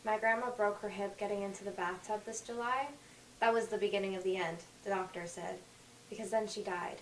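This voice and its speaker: A woman acting an overeager, chatty teenage girl in an audition reading, talking in quick gushing bursts. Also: mid-range voice, steady tone, voice pushed down, natural voice. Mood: eager. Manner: rapid, overbearing chatter. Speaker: auditioning actress. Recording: echoey room, faint music, from far off.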